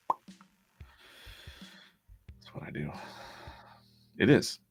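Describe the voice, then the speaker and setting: A man's voice: deep voice, moderate pace, vocal fry, fairly bright tone, faint music behind. A man hosting a casual live stream as a comic artist, chatting in a rambling way with many restarts.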